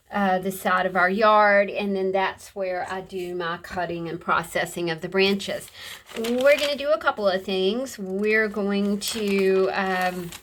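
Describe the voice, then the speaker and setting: A woman talks through her journaling in an unhurried, meandering way, like a relaxed chat with viewers. Her voice sits at an ordinary middle pitch and her pace is slow. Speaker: craft vlogger. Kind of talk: casual chat while crafting.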